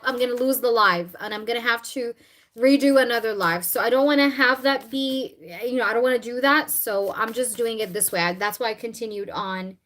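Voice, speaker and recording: A woman hosting a casual live tarot reading, chatting with viewers and often clearing her throat. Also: a little high, a bit bright, rough recording.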